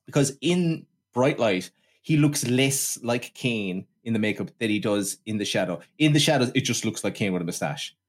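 Casting: male podcast co-host, mid-pitch, sweary comic ranter who riffs through mocking voices. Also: animated, moderate pace. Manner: sweary, riffing, mimics voices in quotes. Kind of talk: casual film review chat.

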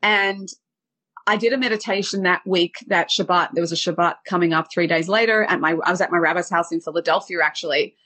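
Breathy woman telling a heartfelt story. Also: fairly low pitch, fairly quick, bright, forceful tone. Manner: vivid retelling with acted quotes. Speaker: dating and relationship coach. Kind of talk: emotional personal storytelling.

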